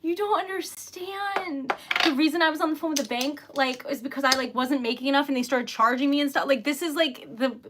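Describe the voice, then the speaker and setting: A woman's voice: high-pitched, brisk, few pauses, very noisy. A young woman running a casual livestream for her small business, flustered and giggly as she thanks viewers.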